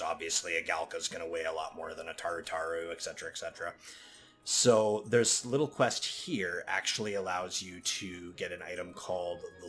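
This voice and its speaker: A man hosting a gaming video, casually explaining as he plays in a relaxed way. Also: deep voice. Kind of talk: casual let's-play narration.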